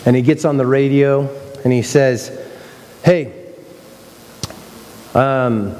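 A man's voice: medium pitch, takes it slowly, long pauses, darkish tone, long reverb tail. A man preaching a sermon in a conversational way, acting out playful mock quotes. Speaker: pastor.

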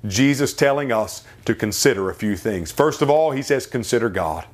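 A man's voice: mid-range voice, lively intonation, normal speed. A man preaching a radio sermon, repeating phrases for effect and building to impassioned emphasis at key points.

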